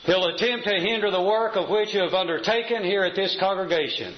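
High-voiced preacher in an echoey hall. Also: male voice. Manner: measured preaching, slows to stress scripture. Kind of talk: sermon. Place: church assembly hall. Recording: echoey, slightly dull church recording.

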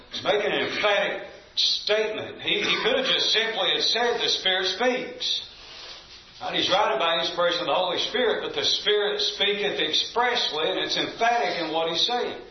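A man's voice: sits high, animated, normal speed, a little hiss or hum. A man teaching a Bible study in a church building, reading scripture aloud, stressing key phrases and quizzing the class with questions. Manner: emphatic, reads scripture aloud. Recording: echoey room, distant mic, dull lo-fi.

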